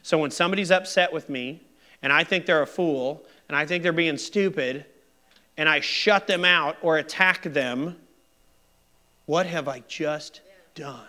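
A middle-aged man delivers a sermon with a bright, forward tone that sits a little high. He preaches conversationally, owning up to his own faults with easy self-deprecation. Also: measured pace. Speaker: pastor.

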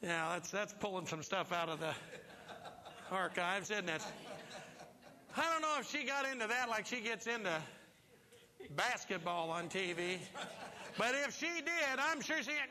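A man preaching a sermon as pastor, telling stories with lively acted-out voices. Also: sits high, normal speed, long pauses. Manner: animated storytelling, acts out voices. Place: church. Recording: long reverb of a large hall.

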